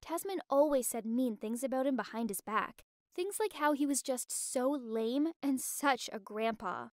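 High-voiced young woman narrating a story. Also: measured pace, dry recording, studio quality. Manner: expressive, dramatic storytelling.

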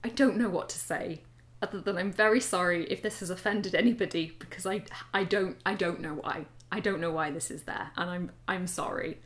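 A woman's voice: lowish voice, brisk. A young woman reading her teenage fiction aloud and mocking it with wry, laughing asides. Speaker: vlogger reading her old writing. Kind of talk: casual vlog commentary.

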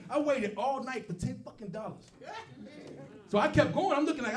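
A man doing a stand-up comedy set, telling stories loudly and profanely and acting out other people's voices, with a laughing audience. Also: very high voice, animated, quick pace, far from the mic. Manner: loud profane storytelling, acts out voices. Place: comedy club stage. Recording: echoey club, mic off from speaker, crowd noise.

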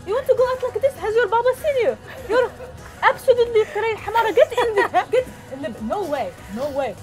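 A woman putting on the voice of an angry Arab mother scolding her daughter, yelling and mixing in Arabic words. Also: very high voice, expressive, quick pace, over music, pitched above the performer's own voice.

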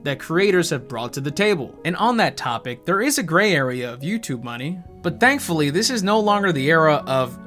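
A man's voice: fairly high pitch, very animated, fairly quick, few pauses, a bit bright, soft background music. A man narrating a video essay, then chatting casually and self-deprecatingly with frequent swearing. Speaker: YouTube commentator.

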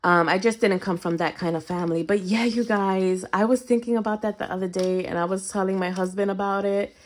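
A young adult woman vlogger telling a personal story to her viewers in a casual, animated way, often addressing them as "you guys". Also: medium pitch, fairly quick. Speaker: budgeting vlogger.

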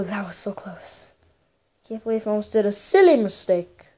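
A woman giving excitable gameplay commentary as a gaming YouTuber, full of gasps, exclamations and playful sing-song bits. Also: mid-range voice, brisk.

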